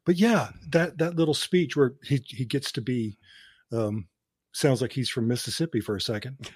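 A man's voice: mid-range voice, normal speed, breathy edge, no echo, studio quality. A man who teaches cinema, chatting on a podcast and telling film history like a lecturer, laughing between his points. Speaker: podcast co-host; cinema professor. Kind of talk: casual chat.

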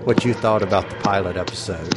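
A man's voice: sits low, steady tone, fairly quick, over loud music. A man hosting a podcast in easygoing chat, asking his guest questions. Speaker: podcast host. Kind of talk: casual chat.

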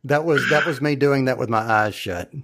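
A man's voice: mid-range voice, normal speed, a bit bright. A man hosting a casual discussion podcast, often stumbling and repeating his words. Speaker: podcast host.

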